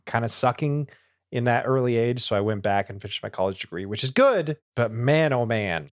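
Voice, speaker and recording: Young man, podcast co-host, casual chat, enthusiastic, laughs a lot, expressive pitch, dry sound. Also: normal speed, dry recording.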